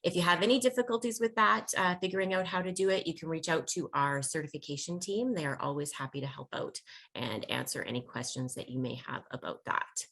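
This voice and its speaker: A woman's voice: sits low, quick pace, gravelly, fairly bright tone. A woman hosting a webinar, going through practical announcements in a friendly way with a few fillers. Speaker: webinar host. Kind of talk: housekeeping announcements.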